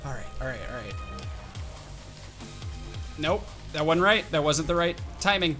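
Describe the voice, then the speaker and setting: A man giving live commentary while playing a video game, excitable and reactive, bursting into yelps and shouts. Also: fairly high pitch, measured pace, over music. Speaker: gaming channel host.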